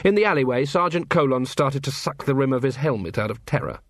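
A man's voice: mid-range voice, fast talker, no echo, studio quality. A man narrating a fantasy audiobook and voicing many characters in turn. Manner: lively, voices many characters. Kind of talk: scripted narration with character voices.

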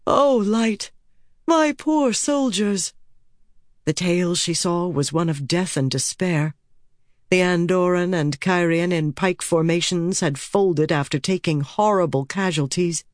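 A woman narrating a fantasy battle scene with steady storytelling delivery. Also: lowish voice, unhurried, no room sound, studio quality. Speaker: audiobook narrator. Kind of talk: scripted narration.

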